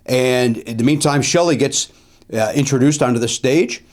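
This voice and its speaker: A comedian host telling a casual anecdote with animated delivery, repeating phrases and dropping in lots of "uh" fillers. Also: male voice, medium pitch, normal speed.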